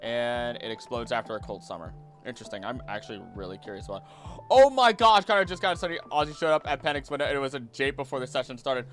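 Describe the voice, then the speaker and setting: A young man chatting casually on a stream, rambling and excitable, jumping between topics and often restarting his sentences. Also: medium pitch, fast talker, few pauses, soft background music. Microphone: desk mic.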